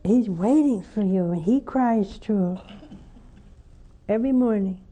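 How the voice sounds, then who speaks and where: An older woman, a nun hosting a call-in show, preaching fervently and coaxing callers, her voice often rising to high emphatic peaks. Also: measured pace, warm tone.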